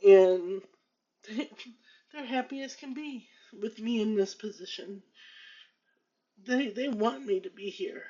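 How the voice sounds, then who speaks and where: A woman talking slowly and haltingly in a personal monologue, moving between hurt and defiance while reading tarot cards. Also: medium pitch, dark tone. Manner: slow, halting, with many restarts and pauses; pained and defiant in turns. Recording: dull lo-fi recording.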